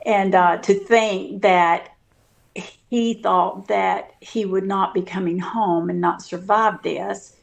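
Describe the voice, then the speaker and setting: Woman, interview guest, unhurried, gravelly, earnest, halting restarts. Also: medium pitch, fairly even intonation. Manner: earnest, full of fillers and restarts. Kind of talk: casual interview, sharing a personal story.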